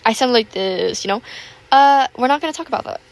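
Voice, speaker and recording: A young woman in her teens chatting casually, rambling with lots of fillers and a self-conscious, apologetic manner; her voice sounds a little rough. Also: a little high, animated, fairly quick. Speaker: YouTuber. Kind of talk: casual chat over gameplay.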